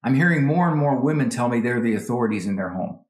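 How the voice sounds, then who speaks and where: An expressive man whose pitch leaps around as he talks, a psychologist guest handing out firm parenting advice. He slips into the voices of parents and children to make his points. His voice rings in a roomy studio. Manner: acts out parents and kids in quick voices. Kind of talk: animated advice talk.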